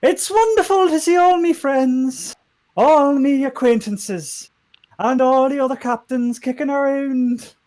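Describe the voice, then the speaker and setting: A proud, cheerful female sea captain greets her party guests in a high, showy voice with a wobbly Celtic lilt, as a man puts her on. Her pitch leaps and swoops widely as she plays to the room. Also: animated, unhurried, gravelly, exaggerated voice, low-quality recording. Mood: merry. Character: proud female ship captain, festive hostess.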